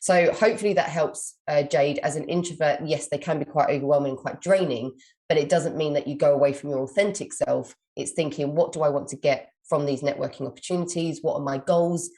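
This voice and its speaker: A British woman with a low-pitched voice hosts a live advice session as a communication coach. She reads listeners' questions aloud and answers each with long, encouraging explanations. She sounds like a young adult, talking on a webcam-style stream. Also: a little fast, warm tone.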